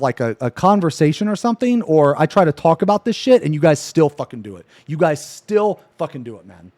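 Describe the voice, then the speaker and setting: A man's voice: a little high, animated, quick pace, few pauses, no room sound, clean studio sound. A man streaming live who rants at his chat, swearing constantly, frustrated and annoyed, repeating "man" at the ends of lines. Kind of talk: angry rant to live chat.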